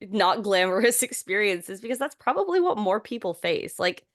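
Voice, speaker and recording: A woman's voice: medium pitch, normal speed, dry recording, studio quality. A young woman co-hosting a podcast, talking in a casual, rambling way with lots of fillers and restarts. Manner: chatty, filler-heavy, many restarts, animated when amused. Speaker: podcast co-host. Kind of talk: casual chat.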